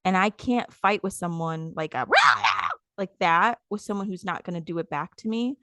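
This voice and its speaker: A woman in her thirties co-hosting a podcast in casual chat, telling stories animatedly and acting out quotes loudly. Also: on the low side, fairly quick, no room sound, studio quality. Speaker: podcast co-host.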